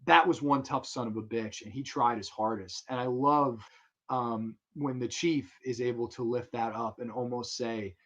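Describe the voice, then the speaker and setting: A man's voice: medium pitch, steady tone, moderate pace, fairly bright tone, lo-fi sound. A man hosting a casual film talk show, talking with enthusiasm and rambling with fillers and restarts.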